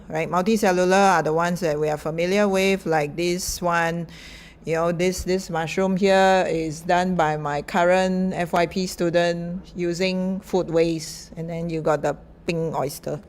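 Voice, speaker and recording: Woman, middle-aged, lecturer, slow unhurried delivery, chatty with fillers. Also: on the low side. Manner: chatty, many fillers and little laughs. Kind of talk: informal lecture talk.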